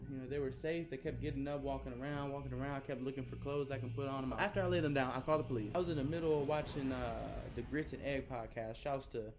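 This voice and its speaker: A man telling a story in a rambling, animated way, often repeating his phrases. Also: medium pitch, fast talker, hardly any pauses. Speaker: streamer. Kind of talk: casual storytelling.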